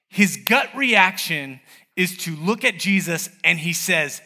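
A man's voice: sits high, a little slow, vocal fry, sharp tone, big-room sound. A man preaching a sermon in a conversational way, asking the listeners rhetorical questions. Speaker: pastor.

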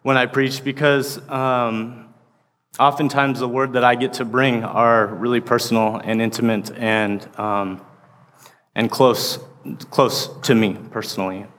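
A man's voice: medium pitch, level tone, measured pace, fairly bright tone. A man in his thirties, an associate pastor, preaching a sermon in a casual, rambling way full of fillers. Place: church sanctuary. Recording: long reverb of a large hall.

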